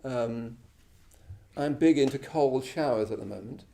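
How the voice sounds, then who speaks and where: A man's voice: medium pitch, measured pace, gravelly, warm tone. An English man giving an informal Buddhist talk to a live class, chatty and self-deprecating, often checking in with "you know" and "yeah?". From England. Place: shrine room at a Buddhist centre, live class.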